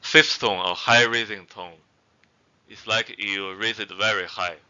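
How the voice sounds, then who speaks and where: Male teacher, low voice with a bright edge, unhurried lesson delivery, dull lo-fi sound. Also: steady tone, clear, resonant tone. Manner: models each word twice, then explains it. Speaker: language teacher. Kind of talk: slow spoken language lesson. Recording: dull lo-fi recording.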